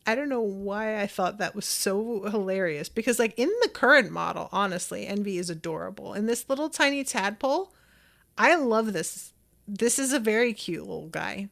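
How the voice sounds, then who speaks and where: A woman's voice: mid-range voice, lively intonation, normal speed, creaky, a bit bright. A woman hosting a podcast, chatting enthusiastically as she reacts to an episode and reads out listener comments. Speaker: podcast host.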